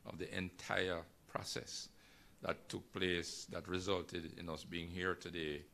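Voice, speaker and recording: A man moderating a formal signing ceremony, thanking speakers and introducing guests in a measured, gracious way. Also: low voice, little pitch movement, gravelly, pushed and bright, slight background noise.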